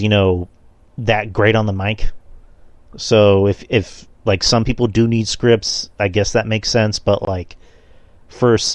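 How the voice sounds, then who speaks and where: A man with a fairly low voice talks bluntly and casually, with mild swearing. His opinions come out loose and rambling. The recording is dry and close, with no room sound. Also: no room sound. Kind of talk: casual podcast discussion.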